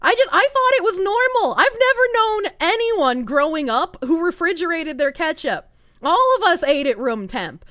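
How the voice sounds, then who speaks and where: A young Boston woman streamer chats and rants at her audience at a moderate pace, cursing freely with animated energy. Her very high voice leaps all over the place, and the sound is dry and close, like a desk microphone at home.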